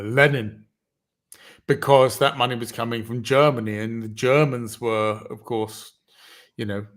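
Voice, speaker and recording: A man hosting a casual livestream conversation, talking in halting, roundabout sentences full of fillers and restarts. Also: medium pitch, fairly bright tone. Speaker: host.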